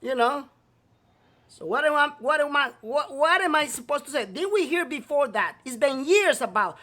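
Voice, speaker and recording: Man, talk show host, high pitched, bright tone, profane scolding rant. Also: animated, moderate pace. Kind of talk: ranting talk show monologue.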